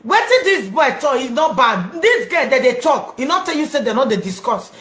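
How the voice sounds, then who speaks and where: A woman's voice: high-pitched, very animated, normal speed, a bit bright. Reassuring Nigerian woman host. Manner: soothing, reassuring, laughs often. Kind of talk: phone-in counselling talk. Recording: echoey room.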